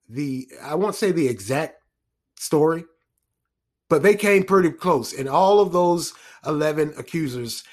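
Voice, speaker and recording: A man talks through the news in a loose, off-the-cuff way. He restarts his sentences, drifts into asides and chuckles at his own remarks. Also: a little high. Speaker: commentator. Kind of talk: casual news commentary monologue.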